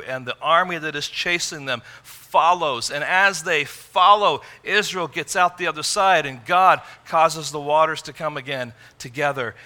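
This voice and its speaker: A man preaching a sermon in an earnest way, rising to emphatic peaks and dropping low and quiet. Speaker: pastor.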